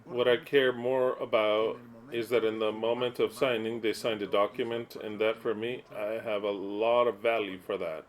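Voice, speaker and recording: A man's voice: lowish voice, little pitch movement, normal speed. Earnest male preacher teaching. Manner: earnest, repetitive, reads aloud and explains. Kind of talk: sermon-style teaching.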